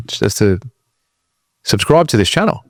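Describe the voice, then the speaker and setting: A man co-hosts a casual podcast, speaking in a somewhat low voice. He tells motivational stories in an earnest tone. The sound is dry and close. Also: big pitch swings, a little slow, no echo. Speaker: podcast co-host.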